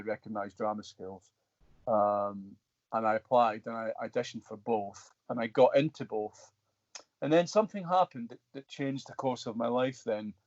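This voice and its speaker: A man's voice: mid-range voice, no room sound. A Scottish actor, a man, telling long rambling stories in an interview, with many restarts. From Scotland. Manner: rambling, restarts, animated retelling. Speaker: guest actor. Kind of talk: storytelling in an interview. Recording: dull dry lo-fi sound.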